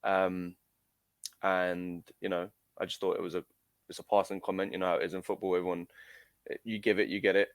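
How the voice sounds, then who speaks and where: An amateur footballer guest, a young man, recalls a story in an interview in a low-pitched, brisk voice with little pitch movement. He hesitates, using lots of fillers and restarting often, and the audio has no echo.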